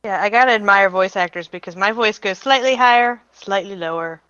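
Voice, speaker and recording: A woman's voice: mid-range voice, fairly quick, fairly bright tone, smooth, dry recording. A woman chatting casually on a call, making offhand, wry remarks. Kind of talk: casual chat. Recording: dull lo-fi mic, dry.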